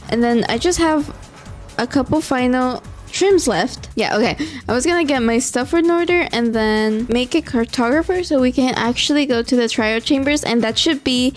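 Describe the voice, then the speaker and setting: A young woman with a fairly high voice chats casually over her gameplay, tired at a late hour. She pleads and sighs in exasperation and laughs often, and faint music plays under her voice. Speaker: gaming vlogger.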